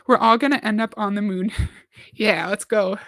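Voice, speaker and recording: A woman's voice: medium pitch, fairly even intonation, moderate pace, fairly bright tone, no room sound. A woman hosting a livestream, chatting casually, reading out viewer comments and reacting to a video.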